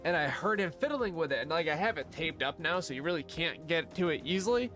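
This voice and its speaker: A man's voice: fairly high pitch, animated, brisk, fairly bright tone, soft background music. A young man chatting casually while streaming a game, rambling with lots of asides. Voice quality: rambling, full of fillers and asides. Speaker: livestreamer. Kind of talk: casual chat while gaming.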